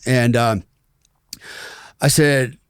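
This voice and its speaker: A middle-aged man from the United States, a podcast guest telling a story in a loose, animated, profane way and acting out the people he quotes. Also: medium pitch, extremely slow, clean tone, no echo, studio quality. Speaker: podcast guest, former special forces operator. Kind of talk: casual storytelling interview.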